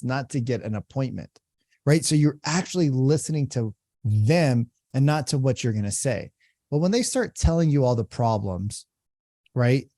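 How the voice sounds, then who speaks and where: A man coaching real estate agents in a relaxed, conversational way, often repeating phrases. His tone is mellow and warm, and the recording is dry and close. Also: mid-range voice, no room sound. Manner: conversational, repeats phrases, acts out call examples. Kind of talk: reaction commentary and coaching.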